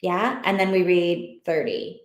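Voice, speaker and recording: A woman's voice: lowish voice, expressive, a little slow, roomy sound. A woman hosting an online reading group, chatting casually and thinking aloud with many fillers. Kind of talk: casual livestream chat.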